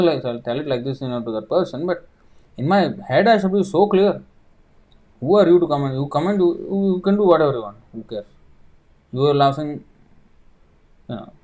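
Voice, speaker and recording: A man's voice: mid-range voice, a little mellow. Emphatic man preaching. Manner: emphatic, rhetorical questions, scolding. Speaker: spiritual teacher answering viewer questions. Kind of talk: livestreamed Q&A sermon.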